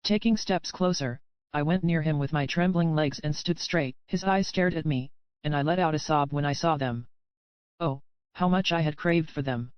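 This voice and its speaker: A man reading a first-person romance audiobook in an even, measured way. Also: on the high side, smooth, no echo, lo-fi sound. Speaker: audiobook narrator. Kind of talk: scripted first-person narration.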